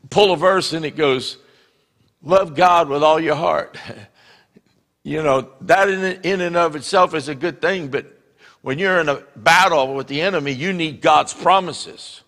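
A man preaching a sermon as pastor, animated and acting out the voices he quotes. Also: a little high, unhurried, long pauses, long reverb tail. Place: church sanctuary.

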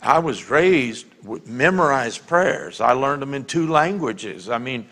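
An older man with a Louisiana accent delivers a sermon from a church pulpit. His voice has a gravelly edge at an everyday pitch. He talks earnestly, like someone telling his own story, and gets quiet and intimate when it matters. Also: expressive, unhurried. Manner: earnest storytelling, drops to a quiet hush for emotional moments. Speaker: pastor. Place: church sanctuary.

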